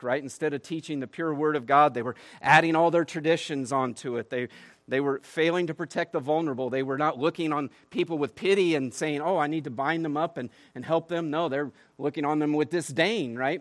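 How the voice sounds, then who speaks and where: A man's voice: fairly high pitch, dry recording. A man preaching a sermon. He reads scripture aloud with rising emphasis and breaks off into conversational asides that end in "right?". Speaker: pastor.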